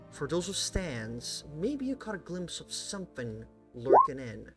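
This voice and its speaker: Guy gm telling the story, casual, swears a bit, faint music in the back. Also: mid-range voice. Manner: casual, swearing, dramatic narration. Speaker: game master. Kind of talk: narrating a tabletop game.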